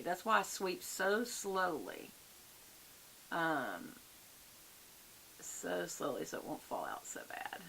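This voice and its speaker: A beauty vlogger, an older woman with a Southern US accent, makes friendly, folksy chatter through a makeup tutorial and addresses viewers as "y'all." Her voice is fairly low in pitch with a fairly bright tone. The recording is low quality, with faint hiss in the background.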